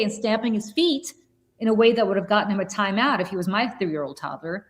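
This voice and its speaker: A woman's voice: mid-range voice, expressive, a little fast. A woman co-hosting a political podcast, telling stories in a blunt, profane, fiery way. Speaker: podcast co-host. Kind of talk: heated political podcast talk.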